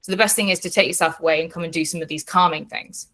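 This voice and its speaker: A woman's voice: fairly low pitch, steady tone, fast, fairly bright tone. A woman teaching an online class as a coach, talking frankly and bluntly, swearing freely and checking in with her listeners.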